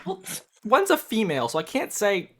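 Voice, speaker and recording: A man narrating as dungeon master, speaking quietly and hesitantly with many fillers. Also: high-pitched, wildly swooping pitch, normal speed. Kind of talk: narrating a tabletop game. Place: home room at night.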